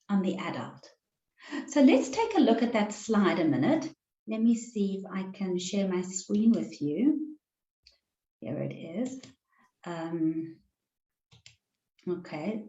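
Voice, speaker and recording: Woman coach teaching over a video call, mellow voice, bit echoey and dull. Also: medium pitch. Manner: measured, deliberate delivery. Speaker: relationships coach. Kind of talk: online workshop presentation. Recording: roomy, slightly dull sound.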